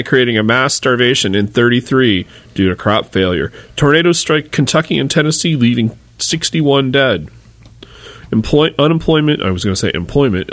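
A man's voice: mid-range voice, fairly bright tone, no echo. A man co-hosting a casual chat, reading trivia from his notes and cracking jokes. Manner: jokey, reads notes aloud, laughs at his own jokes. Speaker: co-host.

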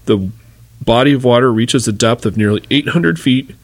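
A man's voice: medium pitch, moderate pace, dry recording. A man co-hosting a casual chat, reading trivia from his notes and cracking jokes. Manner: jokey, reads notes aloud, laughs at his own jokes. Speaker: co-host.

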